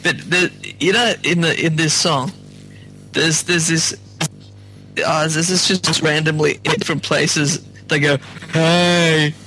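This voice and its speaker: Enthusiastic male co-host, higher-pitched bright voice, laughs a lot. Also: steady tone, measured pace, faint music behind, rough recording. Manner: giggly and enthusiastic. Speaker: podcast co-host. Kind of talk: casual music review chat.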